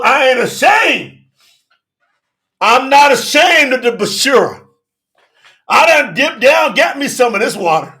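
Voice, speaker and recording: A man preaching a fiery revival sermon, shouting and exclaiming, from Florida, emotional with his nose running. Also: very high voice. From Florida, United States. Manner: shouting, preaching, Southern US vernacular speech.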